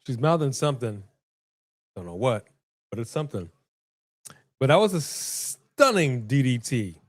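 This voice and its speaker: A man from Los Angeles co-hosts a live wrestling watch-along, calling each move and trading jokes with his co-host. His voice sits at an ordinary middle pitch. The sound is close and dry, with no room around it. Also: sing-song, a little slow, no room sound. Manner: joking, calls the action, playful banter. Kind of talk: casual live-stream commentary.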